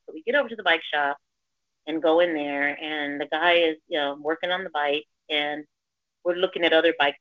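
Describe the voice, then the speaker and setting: A woman's voice: low voice, dry recording. A middle-aged woman and grandmother telling a personal story in a casual chat, acting out the voices of people she quotes. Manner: animated, acts out quoted voices. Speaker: caller sharing a story. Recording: dull lo-fi sound.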